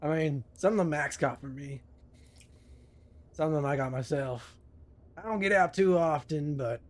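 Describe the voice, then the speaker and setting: A man's voice: a little high, moderate pace, lightly acted. A man playing a gloomy, bone-gnawing cave dweller. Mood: gruff. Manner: blunt, gloomy, dismissive.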